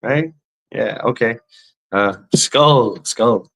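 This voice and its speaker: A man's voice: medium pitch, steady tone, measured pace. A man ranting casually and sarcastically as a vlogger, with lots of stammered repetitions and swearing. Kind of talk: casual profane rant.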